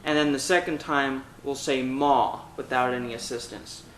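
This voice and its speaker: A singing teacher with a mid-range, steady voice talks through a vocal technique lesson step by step at normal speed. He demonstrates exercises with loud sung vowels and meows, and the rough recording has an echoey room sound and a little hiss or hum.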